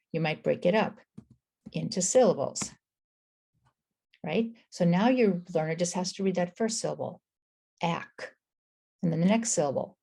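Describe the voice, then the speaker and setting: A woman teaching early reading, encouraging, slowly sounding out words sound by sound. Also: on the low side, warm tone. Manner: encouraging, affirms with "I agree" and "excellent". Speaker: reading tutor. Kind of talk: instructional explanation.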